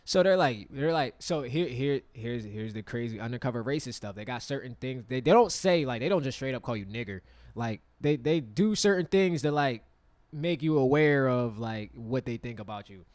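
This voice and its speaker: A man's voice: medium pitch, normal speed, no echo. A young man in his twenties, a podcast co-host, telling a story in casual, profane talk and acting out what people said. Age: 20s. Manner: animated, profane, acts out quotes.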